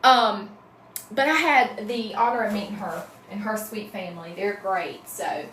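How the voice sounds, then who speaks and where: A woman's voice: mid-range voice, measured pace, fairly bright tone, reverberant, slight background noise. A middle-aged woman from North Carolina with a Southern accent, chatting casually on a livestream and greeting viewers by name. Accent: Southern American. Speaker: wreath-making livestream host.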